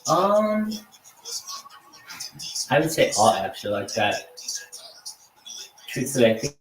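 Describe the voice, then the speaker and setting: A man hosting a casual livestream, talking loosely about dating apps and greeting strangers with loud, repetitive enthusiasm. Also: medium pitch, sing-song, takes it slowly, over music. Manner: hyped, greets strangers loudly, repeats himself. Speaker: livestream host. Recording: echoey room, mic at a distance.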